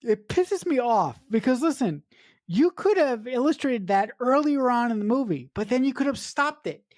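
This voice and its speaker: A woman's voice: a little high, very animated, moderate pace, darkish tone, dry recording, studio quality. A woman co-hosting a podcast, breaking down a film in casual chat, ranting with swearing and stumbling over fillers. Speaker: podcast co-host.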